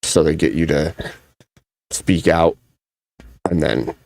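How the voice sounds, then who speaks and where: A man hosting a casual chat, reacting in a calm, measured way. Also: extremely low pitch, gravelly, dry recording. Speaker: host.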